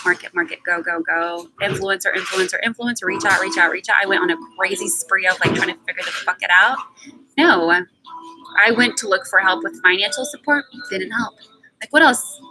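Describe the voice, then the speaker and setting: A woman's voice: mid-range voice, poor audio. A woman in her twenties speaking in a candid personal monologue on a live stream, emphatic and blunt, swearing freely and repeating words for stress. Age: 20s.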